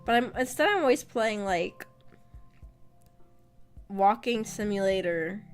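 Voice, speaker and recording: A woman VTuber chats casually on her livestream in a mid-range voice with lively intonation, speaking slowly and pausing often. She rambles, trails off with fillers, and laughs frequently, recorded on a streaming microphone over faint background music.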